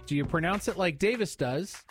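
A man's voice: high voice, animated, normal speed, faint music behind. A man hosting a morning radio show, bantering playfully with callers and his co-host and laughing easily. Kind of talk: casual on-air banter.

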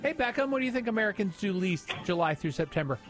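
A man hosting a morning radio call-in game, upbeat and brisk, with quick friendly sign-offs. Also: high-pitched, animated, over music.

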